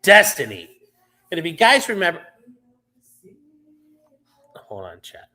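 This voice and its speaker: A man chatting loosely on a livestream, his bright, sharp voice bouncing all over in pitch. He rambles through viewer comments with plenty of fillers and the odd swear word, close to the mic. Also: huge pitch swings, slow. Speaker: livestream host. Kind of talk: casual livestream chat answering viewers.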